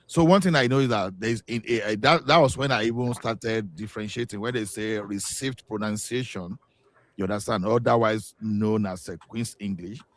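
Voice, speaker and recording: A man's voice: on the low side, normal speed, dry recording. A man with a Nigerian accent chatting casually on a panel, telling stories with lots of restarts. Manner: animated storytelling with repeated restarts.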